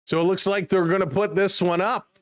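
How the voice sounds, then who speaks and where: A man casually calling football play-by-play on a live stream, chatting excitedly with viewers. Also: high-pitched, fairly quick, no echo, clean studio sound.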